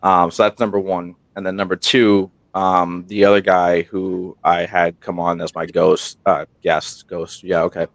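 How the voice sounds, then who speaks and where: Deep-voiced guy telling stories on a podcast, rambly and animated, tired late at night, dry close sound. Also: unhurried, vocal fry, few pauses, no room sound. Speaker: podcast host, guest. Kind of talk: casual interview storytelling. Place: remote room while on military deployment. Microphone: single portable microphone.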